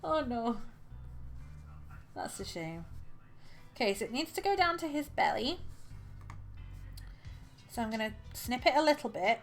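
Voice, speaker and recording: Chatty woman crocheting on stream. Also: on the high side. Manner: chatty and relaxed, laughs often. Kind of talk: casual live-stream chat while crocheting.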